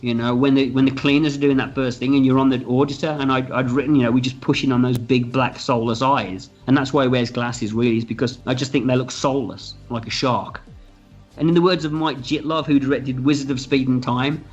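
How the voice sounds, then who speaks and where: A man telling stories as a guest in a casual interview, lively and animated. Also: medium pitch, brisk. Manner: animated, acts out quoted voices. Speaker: film director interviewed as guest. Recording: dull lo-fi sound with faint music.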